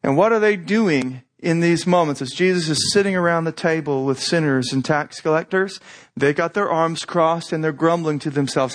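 A man preaching a sermon in a conversational way, with asides and restarts, acting out quoted voices. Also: normal speed. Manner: animated, acts out quoted voices with rising pitch. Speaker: pastor.

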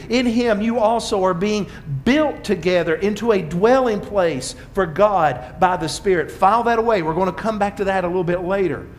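A man preaching a sermon as pastor, swinging from strong emphasis to quiet asides. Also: sits high, a little hiss or hum.

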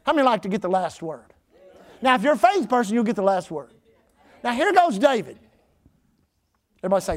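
A male pastor preaching an emphatic sermon, often shouting his exhortations. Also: high-pitched, very animated, a little fast, long pauses.

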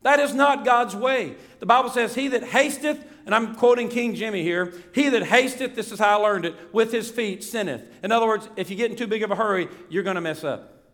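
A man preaching a sermon, animated, acting out the voices he quotes. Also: high voice, brisk.

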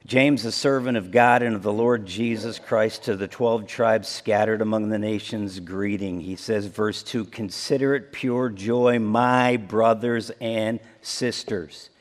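A man preaching a sermon as pastor, deliberate and building to emphatic intensity. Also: lowish voice, fairly even intonation, long reverb tail.

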